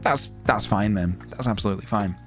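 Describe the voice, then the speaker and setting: A man's voice: lowish voice, brisk, music in the background. A man in his thirties chatting casually on a live stream, playful and rambling as he talks himself through his work. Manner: playful, rambling, talking to himself while working.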